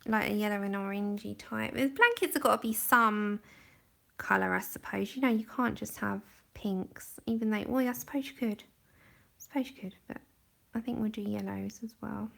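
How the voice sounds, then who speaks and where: A woman's voice: mid-range voice, moderate pace, gravelly. A young woman chatting and giggling as she colours on a livestream, talking into a camera set close in front of her face. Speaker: livestream host. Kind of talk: casual chat while colouring. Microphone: camera just in front of her face.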